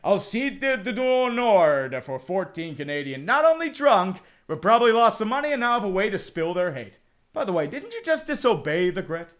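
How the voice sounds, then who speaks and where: A young man giving casual hockey play-by-play, reading chat messages in between with excitable, profane, rambling asides. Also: sits high, normal speed. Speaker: streamer doing play-by-play.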